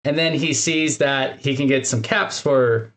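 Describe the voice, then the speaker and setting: A man's voice: medium pitch, measured pace, a bit bright. A man co-hosting a podcast, talking casually with lots of "like" and "right?". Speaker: podcast co-host.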